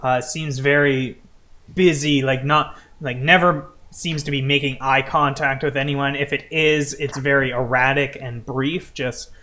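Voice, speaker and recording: A man narrating a tabletop game as its game master, in a slow, unhurried way. His voice is bright and forceful, with an easy, rambling delivery full of "uh" and "like.". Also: medium pitch, fairly even intonation.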